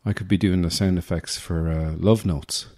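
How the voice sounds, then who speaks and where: A man's voice: sits low, fairly even intonation, moderate pace, darkish tone. An Irish man hosting a podcast, delivering a rambling, self-deprecating comic monologue with a wry manner. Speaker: podcast host.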